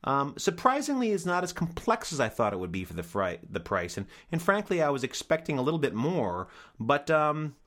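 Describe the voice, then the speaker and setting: A man's voice: on the high side, wildly swooping pitch, a little fast, hardly any pauses, fairly bright tone. A man casually reviewing cheap wines, with a dry, wry and sarcastic manner. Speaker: wine reviewer.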